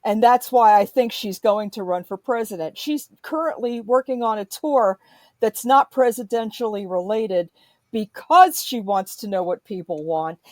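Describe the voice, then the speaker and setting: A woman's voice: mid-range voice, darkish tone, no room sound. A woman in a profane, emphatic political rant, speaking as a podcast host.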